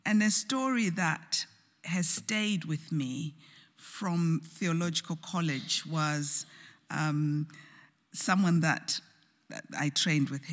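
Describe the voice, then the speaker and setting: Low-voiced woman preaching in a hall. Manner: slow, earnest storytelling with soft, hushed moments. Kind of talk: sermon. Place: church. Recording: church hall with long reverb.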